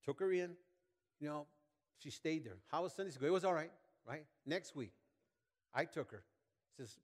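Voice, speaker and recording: A man's voice: on the high side, normal speed, long pauses. Folksy older man preaching in a reverberant hall. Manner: folksy, rambling with many fillers and asides. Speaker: pastor. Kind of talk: sermon. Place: church sanctuary.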